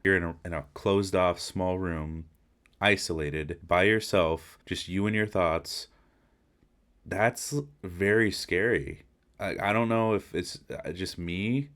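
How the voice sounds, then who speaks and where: A podcast host with a very low voice gives a laid-back reaction to a video. He rambles in slang and drifts off on tangents. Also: slow, a bit bright. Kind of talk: casual reaction commentary.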